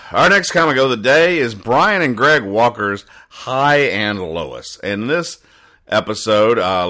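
A man reviewing comic strips in casual commentary, rambling and sighing as he explains each joke deadpan. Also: lowish voice.

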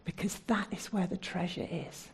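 A woman preaching a sermon from the United Kingdom, putting earnest, searching questions to the congregation and turning soft and prayerful when she leads prayer. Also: on the low side, steady tone, moderate pace, vocal fry, breathy edge.

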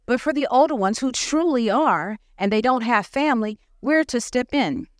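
A woman preaching to a women's session at church, lively and conversational. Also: a little high, normal speed, no echo, studio quality. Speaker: guest speaker. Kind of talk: teaching sermon. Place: church hall.

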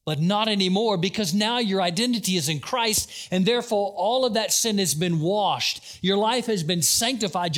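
A man preaching a sermon as pastor, animated, acting out quotes and calling out questions to the congregation. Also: sits high.

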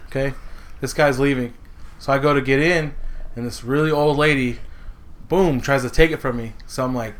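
Man, quick talker, bright forceful tone, swearing storyteller, casual chat. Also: mid-range voice, slight background noise. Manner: animated profane storytelling. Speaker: podcast co-host.

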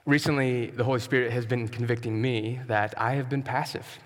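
A man preaching a sermon as pastor, earnest and emphatic, sometimes dropping to a soft, quiet tone. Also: medium pitch, steady tone, a little fast, big-room sound. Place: church sanctuary.

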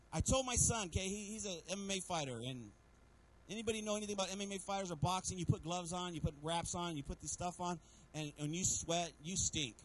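A middle-aged man delivers a sermon in a notably high-pitched voice. He preaches in an animated way, mixes humor into his stories, and keeps calling out to his congregation. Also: rough recording. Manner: storytelling with humor. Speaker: pastor.

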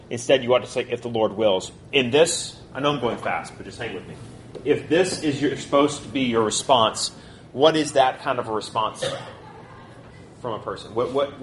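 A man teaching a college Bible class, talking quickly and conversationally and putting questions to his listeners. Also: mid-range voice, a bit bright, a little hiss or hum.

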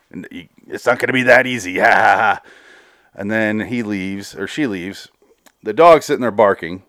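Casually recapping a TV episode on his podcast, a man with a fairly low voice rambles, swears without restraint, laughs, and snaps off quick quotes from characters. The recording is dry and studio quality.

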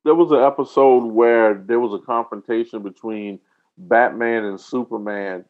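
A man in a casual chat, recounting a scene haltingly and searching for his words. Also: medium pitch, steady tone. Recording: dull lo-fi sound.

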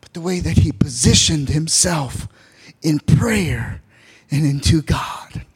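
A man preaching a sermon in a shouted, sing-song delivery, with frequent "uh" fillers between phrases. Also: on the high side, lively intonation, slow, slightly rough.

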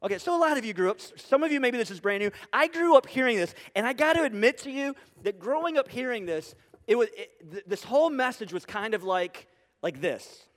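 A man preaching a sermon in an animated, humorous, conversational way, full of rhetorical questions to his congregation. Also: extremely high pitch, brisk. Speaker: pastor. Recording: long hall reverb.

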